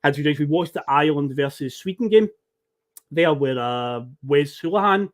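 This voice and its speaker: A man's voice: on the high side, moderate pace. A Scottish man in his thirties on a podcast, telling rambling travel anecdotes, acting out quotes and laughing often. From Scotland. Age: 30s. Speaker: podcast guest storyteller. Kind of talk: casual podcast chat.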